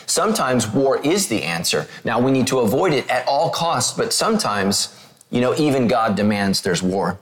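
A man preaching a sermon. He reads scripture slowly and retells it in casual, animated paraphrase, talking straight to his listeners. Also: medium pitch. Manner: talks directly to listeners, asks them to take notes.

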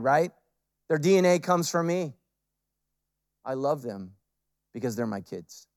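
A middle-aged pastor preaches a sermon in a voice of ordinary pitch. He swings from loud, emphatic peaks down to quiet, intimate lines and drives points home by repeating them. The sound is dry and close, with no room around it. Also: dry recording.

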